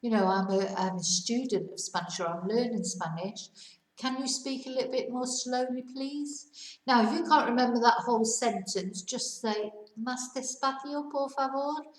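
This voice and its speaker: A middle-aged woman giving a casual, rambling lesson, slowing down to model Spanish phrases for learners. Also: on the high side, echoey room, distant mic, poor audio. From United Kingdom. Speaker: Spanish teacher.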